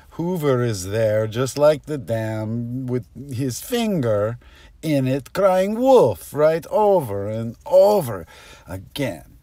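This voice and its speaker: A man's voice: on the high side, dark tone. A man delivering a rambling improvised comic monologue, jumping between topics and cutting himself off. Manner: rambling, jumps between topics, self-interrupting. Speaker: comedic monologuist.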